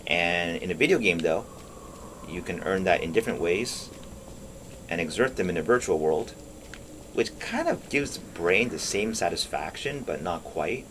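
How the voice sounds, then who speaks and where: Deep-voiced and lively in intonation, he speaks at normal speed with a somewhat bright sound and slight background noise. He's a gaming streamer musing and rambling while he plays, swearing casually and trailing off partway through ideas.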